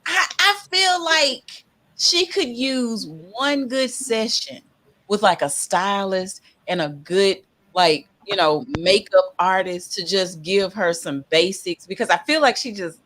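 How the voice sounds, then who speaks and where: A woman's voice: mid-range voice, bright, forceful tone. A middle-aged woman rambling and hesitating as she chats casually in a group recap. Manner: rambling, hesitant, laughs often.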